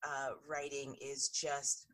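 A woman chatting on a podcast, thoughtful and easygoing, with soft "um"s between thoughts. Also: extremely low pitch, monotone, slow pace. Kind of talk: casual podcast chat.

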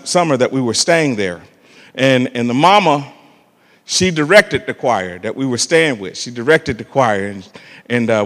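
A man preaching a sermon and telling a personal story, emphatic and animated, calling out to the congregation for amens. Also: medium pitch, in a large hall. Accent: African American church preaching. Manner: emphatic and animated, calls "amen" and "come on" to the congregation.

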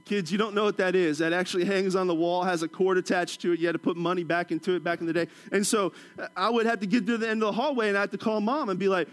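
A middle-aged man from Washington, D.C., preaching a sermon, telling stories with humorous asides and dropping to a soft, low voice for emphasis. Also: steady tone, fast talker, hardly any pauses. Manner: storytelling with humorous asides and chuckles.

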